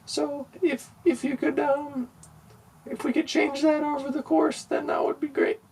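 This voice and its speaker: A man putting on a squeaky raspy pop-star lady. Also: little pitch movement, unhurried, a little mellow, far from the mic, full character voice. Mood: pleading. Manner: whiny, fretful and earnest. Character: shrunken kidnapped female pop singer, squeaky, self-conscious. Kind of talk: comedy podcast improv.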